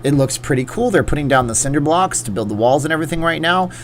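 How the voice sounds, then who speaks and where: A man's voice: fairly high pitch, expressive, fast, slight background noise. A man in his forties hosting a live chat Q&A from a green screen setup, reading viewer comments aloud and riffing on them in a loose, chatty way. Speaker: livestream host.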